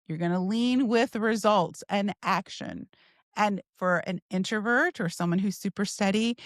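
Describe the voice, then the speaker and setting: A woman sales coach teaching in an upbeat, expressive way and acting out example lines. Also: a little high, no room sound, clean studio sound. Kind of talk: teaching monologue.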